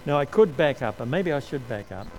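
A man preaching a sermon, slow and emphatic, lifting his voice to stress key words. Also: medium pitch, very animated, darkish tone, faint music behind, rough recording.

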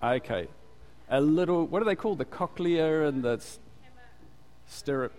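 A man's voice: on the high side, expressive, moderate pace, a little mellow. A man preaching a conversational sermon as pastor, often asking the congregation questions and waiting for answers. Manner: chatty, quizzes the congregation. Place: church. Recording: long reverb of a hall.

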